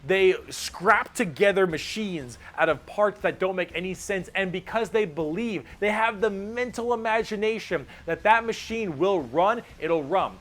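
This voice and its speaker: An excitable man explains a tabletop war game with gusto, cursing often. His voice sits a little high for a man. He drops in quick bits of character mimicry along the way. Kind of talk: animated casual explanation.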